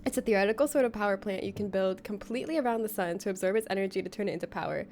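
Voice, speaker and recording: A woman's voice: medium pitch, very fast, a little mellow, faint music behind. A woman livestreaming a game, chatting casually with viewers, rambling and giggling often.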